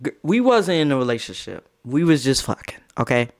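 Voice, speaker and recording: A young man voicing a blunt, shameless young woman in his story, flat and matter-of-fact. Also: mid-range voice, fairly quick.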